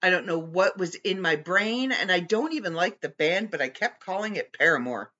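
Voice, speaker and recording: A woman hosting her own podcast in casual chat, animated and playfully bickering with someone off-mic. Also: on the low side, normal speed, few pauses, lo-fi sound. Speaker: podcast host.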